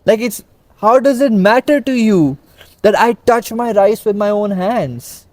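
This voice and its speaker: A young man from India co-hosts a casual chat show, ranting in an exasperated, emphatic way and rattling off long lists at rapid-fire speed. His voice is high-pitched and a little mellow, in a dry recording.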